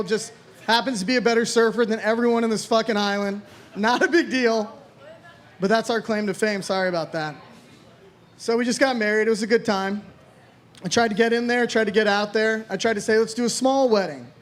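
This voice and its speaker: Guy from florida doing loose stand-up, pretty high voice, rambles and swears, laughs at himself. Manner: rambling, self-deprecating, swears freely. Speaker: stand-up comedian. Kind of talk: improvised stand-up set.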